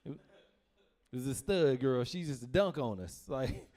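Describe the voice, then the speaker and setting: A young man telling stand-up stories, animated and laughing through his lines as he acts out his family. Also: mid-range voice, a little slow. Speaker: stand-up comedian. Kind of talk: stand-up storytelling.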